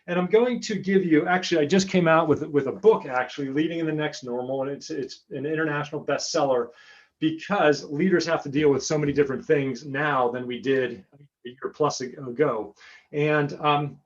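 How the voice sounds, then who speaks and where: Over remote call audio with the highs cut off, a guest speaker from the United States talks in a rather high voice at a moderate pace. His webinar presentation is chatty, and he repeats words while working toward his point.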